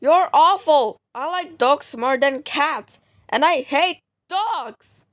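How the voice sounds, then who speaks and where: A woman's voice: high-pitched, animated, takes it slowly, heavy background noise. A woman voicing a grumpy, spiteful little male shrimp creature in a fan voice-over dub, snapping that she hates everything. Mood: snappish.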